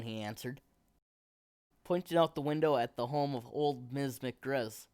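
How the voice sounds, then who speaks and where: A man reading a children's picture book aloud in a steady, expressive storytelling manner. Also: medium pitch, measured pace, no room sound, clean studio sound.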